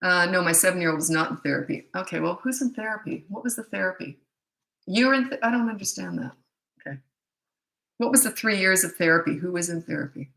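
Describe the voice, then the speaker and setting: A middle-aged woman gives parenting advice in a blunt, brisk, opinionated way. Her voice is gravelly, bright and fairly low, and it echoes in a roomy space. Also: lively intonation. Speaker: parenting coach. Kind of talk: casual Q&A talk to camera.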